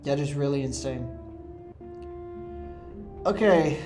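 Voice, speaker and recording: A man's voice: medium pitch, slow pace, over music. A man giving casual, rambling commentary over a video game playthrough, filling his sentences with "like" and "uh". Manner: rambling, lots of "like" and "uh" fillers. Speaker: let's play host.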